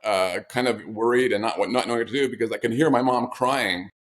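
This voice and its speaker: A man's voice: mid-range voice, fairly quick, a bit bright. A man, the author guest in an interview, telling personal stories in a reflective, conversational way with flashes of wry humor.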